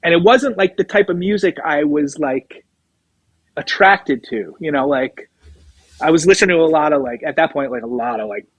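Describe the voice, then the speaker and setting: Here a middle-aged man, a drummer appearing as a guest, spins a rambling tale in a casual interview and performs quoted dialogue. His fairly high voice moves at normal speed, with no room sound and low-quality audio.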